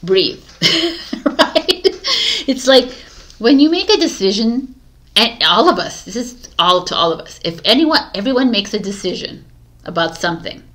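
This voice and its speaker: A woman giving a casual tarot reading to camera, coaching her viewers in an animated way and laughing often. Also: mid-range voice. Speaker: tarot reader.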